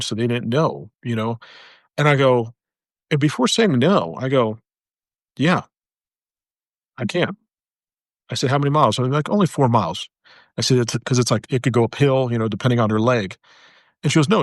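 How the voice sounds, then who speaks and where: An earnest man of middle pitch recounts his own story in a halting way, circling back over phrases for emphasis. His voice drops softer in the heavy parts. The recording is close and dry, with no room sound. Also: dry recording. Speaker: military veteran sharing his story. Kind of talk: personal storytelling.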